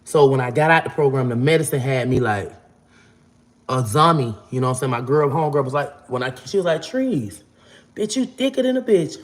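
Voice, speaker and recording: A man's voice: medium pitch, a little fast. Rambling man telling a story. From Florida. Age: 40s. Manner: profane, rambling, acts out quotes in a raised voice. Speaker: vlogger. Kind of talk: casual storytelling.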